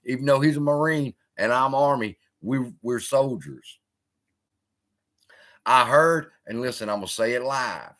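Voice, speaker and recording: Animated, profane male live-stream host. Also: mid-range voice, measured pace. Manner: profane, animated, heckling chat.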